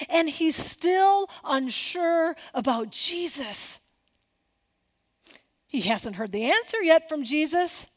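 A woman preaching a sermon, acting out quoted dialogue with big swings and dropping to near whispers. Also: extremely high pitch. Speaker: pastor.

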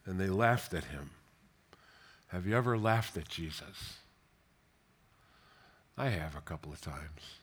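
Low-pitched and husky, a preacher speaks unhurriedly and pauses often as he reads and comments on scripture. He moves from tender gentleness and whispered passages to lively, emphatic questioning.

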